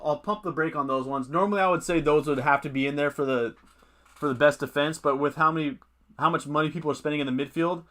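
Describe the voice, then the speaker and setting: A man's voice: on the high side, sharp tone. A man hosting a casual fantasy football livestream. He thinks aloud, reads out viewer comments and uses many fillers.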